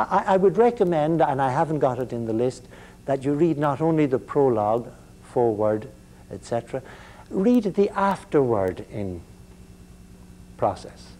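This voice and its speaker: An older man giving a university lecture, halting and repeating words as he goes, with a wry sense of humor. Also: mid-range voice, lively intonation, mellow.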